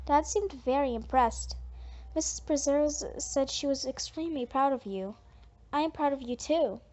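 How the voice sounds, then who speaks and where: A woman voicing a gentle, steady father. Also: sits high, normal speed, close to an everyday voice. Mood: calm. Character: gentle protective middle-aged father. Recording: dull lo-fi audiobook recording.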